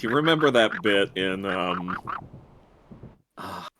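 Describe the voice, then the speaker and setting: A man's voice: mid-range voice, very animated, slow, gravelly, noisy background. A man hosting a live game stream, chatting casually and joking around. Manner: playful, jokey. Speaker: streamer host. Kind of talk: casual chat over gameplay.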